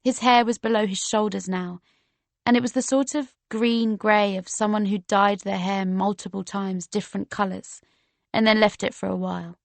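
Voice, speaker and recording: Reading a first-person novel aloud as an audiobook, the woman keeps a steady, measured delivery at medium pitch with some vocal fry. The recording is free of echo.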